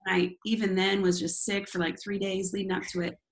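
A woman with a voice of ordinary, middle pitch shares her testimony of ministry in an interview. She talks candidly and pokes fun at herself, often breaking into a laugh. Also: little pitch movement, fairly quick. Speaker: worship leader and former youth pastor. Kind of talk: telling a personal testimony in an interview.

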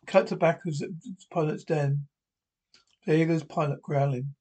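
Guy reading a tv script out loud, slightly high voice, trips over words a lot. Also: steady tone, unhurried, breathy edge. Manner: reads stage directions and dialogue aloud with stumbles and restarts. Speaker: reader of an episode script. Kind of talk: read-aloud script narration.

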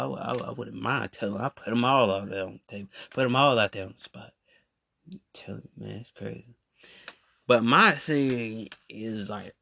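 Animated man with a gravelly voice. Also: mid-range voice. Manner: animated, repetitive, calling people out. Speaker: podcast host. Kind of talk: solo podcast rant.

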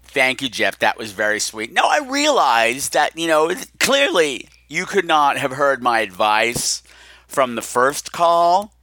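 A man's voice: mid-range voice, big pitch swings, a little slow, pushed and bright, no echo. A man hosting his podcast in an effusive, campy, rambling way. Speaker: podcast host. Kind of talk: casual chat.

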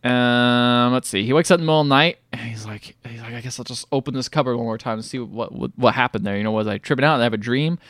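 A man's voice: mid-range voice, fast talker, hardly any pauses, a bit bright, no echo, clean studio sound. A young man co-hosting a podcast, casually recapping a movie, swearing freely and acting out the characters in goofy voices. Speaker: podcast co-host.

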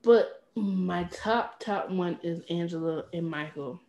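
A woman co-hosting a podcast in casual chat, animated and playfully petty, who often acts out what others might say. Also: lowish voice, takes it slowly, dull audio. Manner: animated, acts out quoted lines with playful pettiness. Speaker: podcast co-host.

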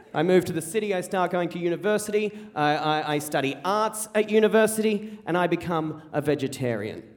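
An Australian man tells a comic story about his own life to a live theater audience. His voice sits high and the words come fast, with playful repetition. A long reverb from the hall trails behind each line. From rural South Australia. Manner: animated, comic, quick with repeated phrases. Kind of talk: live personal storytelling on stage.

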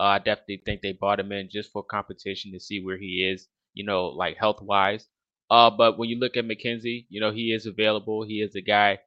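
A man co-hosting a casual sports podcast, weighing his picks in a measured way. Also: fairly low pitch, bright, forceful tone, muffled recording. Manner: measured, weighs options with "definitely". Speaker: podcast co-host.

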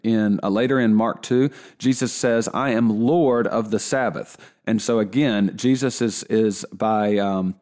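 A man giving a relaxed Bible lesson in a conversational way, often restarting his sentences. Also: fairly low pitch. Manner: conversational, with frequent restarts and fillers. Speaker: Bible teacher.

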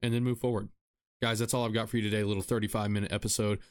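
A man hosting a solo podcast, talking earnestly in a repetitive, self-deprecating way and sounding tired after a rough week. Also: fairly low pitch, little pitch movement, rapid-fire. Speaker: podcast host. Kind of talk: solo podcast advice monologue.

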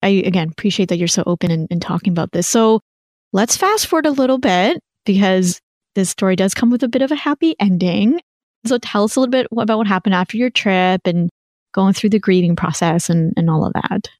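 A woman's voice: medium pitch, expressive, a little fast, darkish tone, no echo, clean studio sound. A woman hosting a podcast interview, talking in an effusive, encouraging way. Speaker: podcast host. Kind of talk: conversational interview.

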